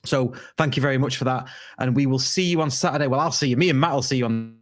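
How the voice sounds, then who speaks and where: A middle-aged man hosting a podcast, chatty and laughing often, with brisk sign-offs. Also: mid-range voice. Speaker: podcast host. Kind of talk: casual chat.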